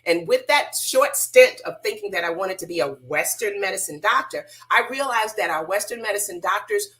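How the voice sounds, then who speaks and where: A middle-aged woman telling her story as a radio interview guest, animated and colloquial, acting out the voices of people she quotes. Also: medium pitch, moderate pace. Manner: casual, colloquial. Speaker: guest, hair loss practitioner.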